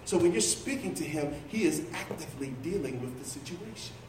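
A man's voice: on the high side, lively intonation, fairly quick, background noise. A middle-aged man preaching a conversational sermon, playfully teasing and calling on listeners by name. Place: church sanctuary. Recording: echoey church from far off.

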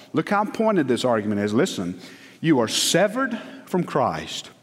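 Emphatic pastor preaching in a hall. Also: male voice, medium pitch. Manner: emphatic, rising to loud peaks and dropping to hushed lines. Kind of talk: sermon. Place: church sanctuary. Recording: long church hall reverb.

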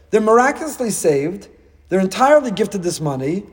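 A man, a rabbi giving a Torah class, animated and acting out dialogue with rhetorical questions. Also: high-pitched, normal speed, husky, in a large hall.

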